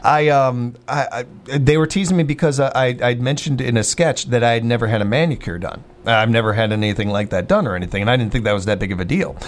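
A man's voice: medium pitch, fast talker, hardly any pauses. A man hosting a casual banter show, rambling and joking at his own expense, often restarting his sentences. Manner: rambling, self-mocking, stammering restarts. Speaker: show host.

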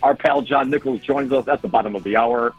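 A man hosting a casual talk radio show, relaxed and easygoing as he chats. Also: medium pitch, fairly quick, slightly rough, narrow, tinny audio, faint music behind.

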